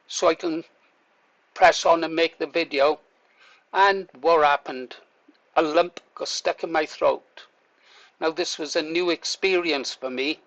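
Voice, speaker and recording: A man's voice: fairly high pitch, a bit bright, low-quality recording. An older man, a vlogger, telling a story in a chatty way, laughing through it and swearing now and then. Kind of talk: casual storytelling to camera.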